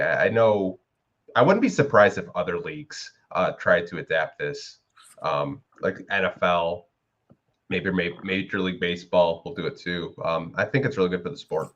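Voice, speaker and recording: Deep-voiced guy chatting hoops on a podcast, lots of "you know", kinda muffled lo-fi sound. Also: fairly bright tone. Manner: rambling, many fillers like "you know". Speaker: podcast co-host. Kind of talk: casual sports podcast chat.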